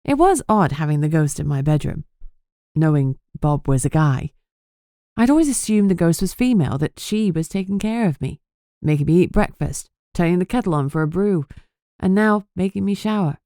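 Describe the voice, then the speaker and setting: Low-voiced woman narrating. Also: expressive, moderate pace, warm tone, no echo, studio quality. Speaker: audiobook narrator. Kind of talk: first-person audiobook narration.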